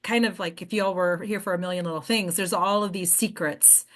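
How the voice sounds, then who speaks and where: A woman's voice: fairly low pitch, fairly even intonation, brisk, fairly bright tone. Encouraging woman leading an acting workshop. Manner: encouraging, keeps checking in with "right?". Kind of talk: casual group discussion.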